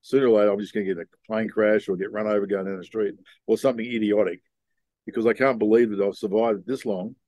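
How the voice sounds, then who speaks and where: An older man being interviewed, telling long rambling stories in a relaxed, casual way. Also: fairly low pitch, quick pace, no room sound. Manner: laid-back rambling storyteller. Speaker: guest.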